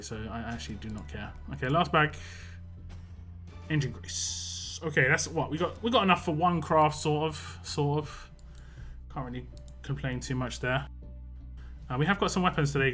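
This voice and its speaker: Young male streamer, talks to chat, hypes up lucky rolls; higher, punchy tone. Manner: chatty, greets chat viewers by name and thanks them; excitable when hoping for lucky results. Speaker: mobile game streamer. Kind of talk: live-stream gameplay chat.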